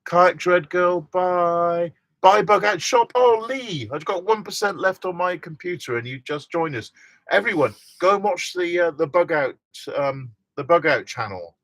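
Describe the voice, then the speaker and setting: A man's voice: high-pitched, animated, a little slow, fairly bright tone, no room sound. A middle-aged man hosting a casual live stream from inside a motorhome, chatting and reading out viewer comments with frequent laughs.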